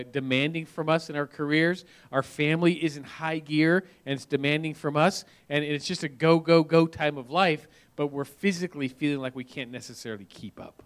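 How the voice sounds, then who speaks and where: A man in his fifties speaking to an audience as a marriage speaker, earnest and often repeating words as he goes. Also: a little high. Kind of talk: talk to an audience.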